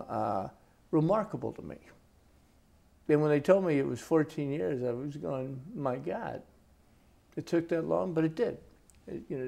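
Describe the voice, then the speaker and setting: Gravelly older guy in his 60s, kinda high for a man, folksy storytelling at home. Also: mellow. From United States. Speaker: author being interviewed. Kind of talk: relaxed storytelling interview.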